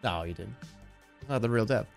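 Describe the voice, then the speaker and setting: A male streamer giving casual gameplay commentary, excitable and swearing, with loud shouting outbursts. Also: on the low side, normal speed, gravelly, soft background music.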